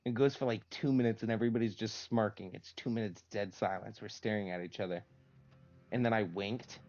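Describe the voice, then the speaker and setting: A man's voice: on the low side, steady tone, a little fast, darkish tone, lo-fi sound. A man casually telling a long, profane story as a streamer, laughing often between lines.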